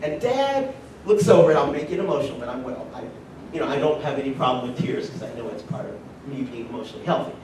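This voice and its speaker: A man from rural North Carolina, giving a personal storytelling speech at a conference and making animated asides to the audience. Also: fast talker, few pauses. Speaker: conference speaker. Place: conference hall. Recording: echoey hall from far off, faint rumble.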